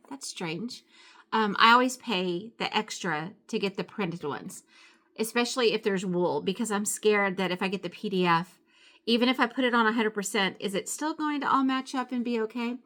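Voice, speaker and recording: A middle-aged woman talks at home in a relaxed show-and-tell way, full of little fillers and self-corrections. Her voice sits at an ordinary pitch for a woman, and she drifts from one thought to the next. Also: moderate pace. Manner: chatty and rambling, with frequent fillers and self-corrections. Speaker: craft vlogger. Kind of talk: casual show-and-tell chat.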